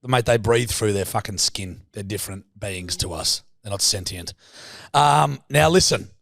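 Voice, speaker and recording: A man's voice: on the low side, normal speed, vocal fry, a bit bright, no room sound. An Australian man co-hosting a podcast, bantering and teasing with plenty of swearing. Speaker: podcast co-host. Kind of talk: casual banter.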